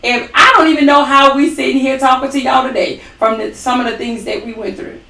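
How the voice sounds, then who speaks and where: A ministry co-host with a high voice and sharp tone speaks fairly quickly with fairly even intonation. Her testimony-style faith talk is emphatic and sprinkled with theatrical quotes. She's far from the mic in an echoing room.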